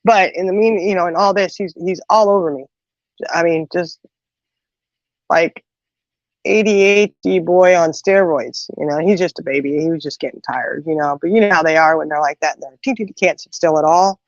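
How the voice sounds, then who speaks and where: A woman's voice: on the low side, moderate pace, no echo. A middle-aged woman hosting a casual chat, retelling everyday stories with lots of asides. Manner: chatty, animated retelling with many asides. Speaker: host. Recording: dull, slightly muffled sound.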